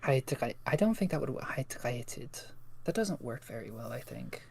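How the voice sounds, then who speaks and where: A man's voice: mid-range voice, very animated, brisk, creaky, darkish tone, breathy edge. A man chatting casually on a live stream, thinking aloud and stumbling as he translates. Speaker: co-host.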